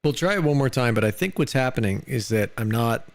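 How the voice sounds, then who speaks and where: A man's voice: mid-range voice, animated, fairly quick, dry recording. An American man chatting casually on a live stream, loose and rambling, full of "dude" and "like".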